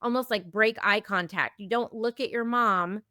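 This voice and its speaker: Gentle woman in her fifties explaining. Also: medium pitch, normal speed, no echo, clean studio sound. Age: 50s. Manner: gentle, explanatory, acts out example dialogues. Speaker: eating disorder specialist guest. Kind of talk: casual podcast conversation.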